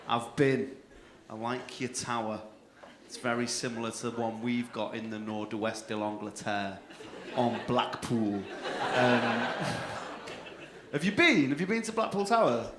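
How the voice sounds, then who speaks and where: A young man with a North-West English accent doing loud, sweary crowd-work banter as a comedy club compere. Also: medium pitch, takes it slowly, pauses often. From England. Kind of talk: live stand-up crowd work. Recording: echoey club room with crowd noise.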